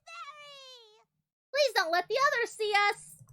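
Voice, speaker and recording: Woman putting on a bright, squeaky little raspberry girl, secretive and sweetly ominous. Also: expressive, a little slow, heavily acted. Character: cute, secretive little female talking raspberry.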